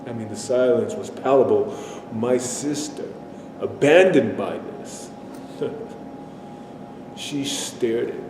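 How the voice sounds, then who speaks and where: A man performing a dramatic stage monologue, speaking haltingly and repeating himself as he recounts a disturbing memory. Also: lightly acted. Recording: echoey hall, faint rumble.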